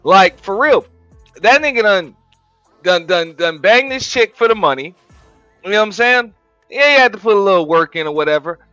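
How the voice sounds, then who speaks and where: A man's voice: high voice, expressive, moderate pace, pushed and bright, clear, resonant tone, no echo, lo-fi sound, faint music behind. A man hosting a casual reaction show, talking in a laid-back, profane way, laughing and repeating himself. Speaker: show host reacting to clips.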